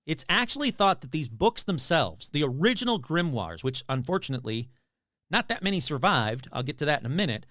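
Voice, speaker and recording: Guy hosting a podcast, bouncy lively voice, rambly and chatty, pretty high for a dude, dry close mic. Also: a little fast, no room sound. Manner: chatty, rambling, self-deprecating. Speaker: podcast host. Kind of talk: casual podcast monologue.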